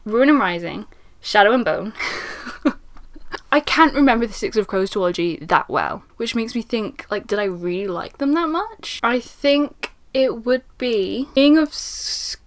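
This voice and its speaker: Young woman, casual book review, chatty, laughs a lot, fairly high voice. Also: measured pace. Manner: chatty and animated, laughs often, with frequent "like" and hedging.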